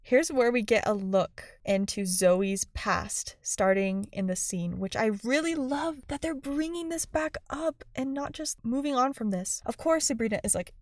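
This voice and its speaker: A woman's voice: a little high, unhurried, few pauses, no echo, studio quality. Chatty young woman reviewing episodes. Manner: chatty, animated, frequent "like" fillers. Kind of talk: casual commentary.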